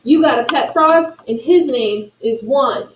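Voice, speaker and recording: Teacher lady doing a grumpy mayor guy, shrill and high, echoey room, mic far off. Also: measured pace, muffled recording. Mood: puzzled. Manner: shrill, strained yelling when angry. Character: puzzled male small-town mayor, quick to anger. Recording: echoey room, voice from afar, faint noise.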